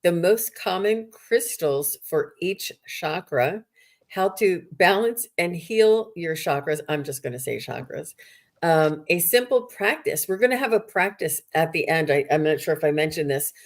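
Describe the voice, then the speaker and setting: A woman hosting a live online workshop, chatting casually, reading out viewer comments and filling pauses with ums. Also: on the low side, expressive. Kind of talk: casual live-stream chat.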